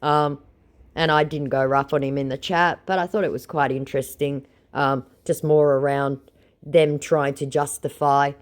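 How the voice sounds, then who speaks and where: A woman's voice: sits low, fairly even intonation, moderate pace. A tired woman vlogger chatting casually to her viewers, sarcastic, with lots of fillers. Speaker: scambaiting vlogger. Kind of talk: casual vlog narration.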